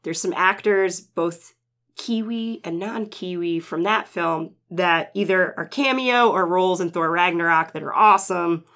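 A man co-hosting a casual movie podcast, relaxed and enthusiastic. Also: high-pitched, a little slow. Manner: laid-back, enthusiastic about films. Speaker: podcast co-host.

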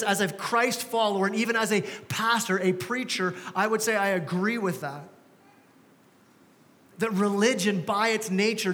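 A man's voice: high voice, a bit bright, long reverb tail. A man preaching a sermon as pastor, conversational and joking at his own expense. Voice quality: conversational, self-deprecating humor. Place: church sanctuary.

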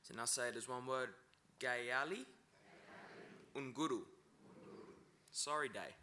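A man's voice: mid-range voice, bright, forceful tone, a little hiss or hum. A man teaching an Indigenous language, sounding out words syllable by syllable. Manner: breaks words into syllables, slow and deliberate. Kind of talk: pronunciation lesson.

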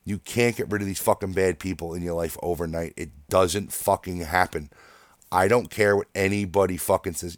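Angry, swearing man with a deep voice. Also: fairly even intonation, normal speed, dry recording, studio quality. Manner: angry, profane venting with frequent restarts. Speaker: host. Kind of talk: casual rant.

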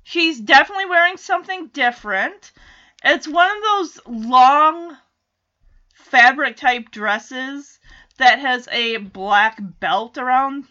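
A woman's voice: high-pitched, sharp tone, highs cut off. A woman in casual recap chat, chatty and giggly, acting out character lines as she goes. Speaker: TV show recapper.

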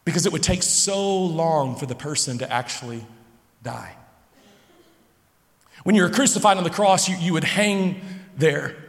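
A man preaching a sermon, telling the story dramatically, sinking low and slow, then building loud. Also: expressive. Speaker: pastor. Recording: long hall reverb.

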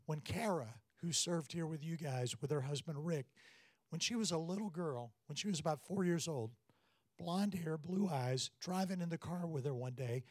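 A man's voice: fairly high pitch, no room sound. A middle-aged man preaching, telling stories from family life and acting out the voices in his anecdotes. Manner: storytelling, animated when quoting. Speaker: pastor. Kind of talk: sermon.

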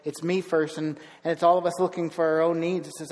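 A man's voice: on the high side, little pitch movement, fast, few pauses, a little mellow. Man preaching in a reverberant hall. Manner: conversational preaching with restarts and asides. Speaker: pastor. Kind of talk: sermon.

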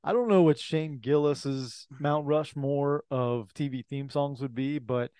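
A man co-hosting a casual podcast, chatting in an easygoing way with quick asides. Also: on the high side, steady tone, mellow, smooth, no echo, clean studio sound. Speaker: podcast co-host. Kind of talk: casual chat.

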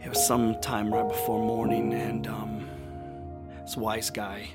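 A man's voice: lowish voice, completely flat delivery, unhurried, lightly acted. A man playing Peter, a remorseful fisherman disciple, in an earnest, confessional first-person monologue. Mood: rueful. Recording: music underneath the voice. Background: music playing.

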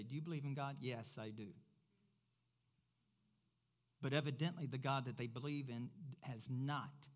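Delivering a sermon, this pastor has a medium-pitched voice. His preaching begins loud and forceful before easing into something softer and more conversational.

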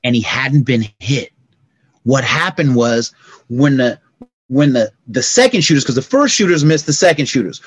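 Middle-aged guy guesting on a podcast, animated storyteller, dry close sound. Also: mid-range voice, normal speed, husky, no room sound. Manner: animated, acts out sounds and dialogue. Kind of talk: casual storytelling conversation.

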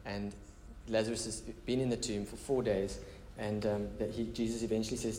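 A man's voice: on the low side, level tone, fairly quick, hardly any pauses, warm tone, a little hiss or hum. Chatty male pastor in an echoey room. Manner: conversational, chatty asides. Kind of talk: casual sermon with prayer.

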